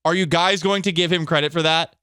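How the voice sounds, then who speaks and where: A man hosting a sports talk show, bantering in an animated, sarcastic and emphatic way into a studio microphone. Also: on the high side, a little fast, clean tone, no echo.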